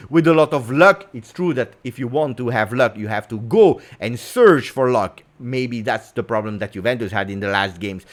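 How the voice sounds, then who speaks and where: An animated, Italian-accented man hosts a football recap vlog in a mid-range voice, speaking emphatically with sudden swings in loudness and sprinkling his English with Italian exclamations.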